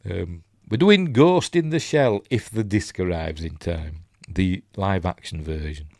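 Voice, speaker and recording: Low-pitched and darkish, this Yorkshire host speaks at a measured pace over clean studio audio with no echo. He casually breaks down a film and reads out live chat, rambling along chattily and often forgetting where he'd got to.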